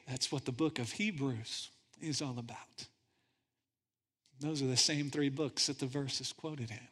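A male pastor preaching a sermon, animated storytelling that swings from hushed to loud. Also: medium pitch, measured pace, slightly rough. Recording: long church-hall reverb.

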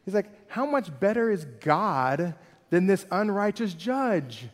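A man preaching a sermon in a conversational, animated way, asking the congregation many questions. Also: high voice, takes it slowly. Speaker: pastor. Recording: long hall reverb.

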